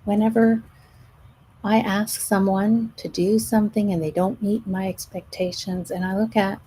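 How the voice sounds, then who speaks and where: A middle-aged woman, a stress management coach, talking gently to her audience on a live show and at times dropping almost to a whisper. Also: mid-range voice, fairly even intonation, normal speed, breathy edge, rough recording.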